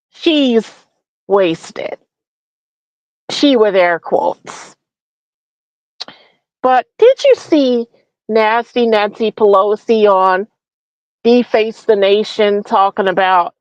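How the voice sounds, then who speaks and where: Slow, mocking woman host, lo-fi sound. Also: medium pitch, no echo. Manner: mocking, profane, full of rhetorical questions. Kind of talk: comedic political rant. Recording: dull lo-fi recording.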